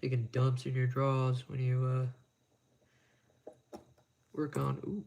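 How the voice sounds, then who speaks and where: Livestreamer fixing watches, a man with crude self-mocking humor and a gravelly edge. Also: medium pitch, monotone, slow pace, darkish tone, a little hiss or hum. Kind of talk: casual live-stream chat while working.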